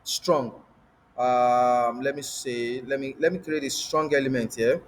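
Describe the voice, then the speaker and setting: A man's voice: medium pitch, steady tone, a little slow, in a large hall, slight background noise, low-quality recording. A man teaching a coding lesson, stopping often to quiz his class with rhetorical questions and repeating key words. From Africa. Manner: repetitive, asks rhetorical "what?" prompts. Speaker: coding instructor. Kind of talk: screen-share coding lesson.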